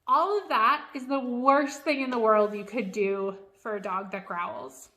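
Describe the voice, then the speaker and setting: A woman's voice: fairly high pitch, steady tone, a little slow, bright, forceful tone. A woman dog trainer giving a frank, chatty lesson on dog behavior. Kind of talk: instructional video.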